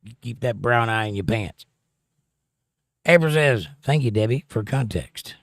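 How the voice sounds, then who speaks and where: A man's voice: on the low side, animated, measured pace, a bit bright, dry recording, clean studio sound. A man hosting a casual livestream, reading viewer comments aloud and joking about them. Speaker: livestream host reading chat. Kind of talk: casual chat. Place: home livestream setup.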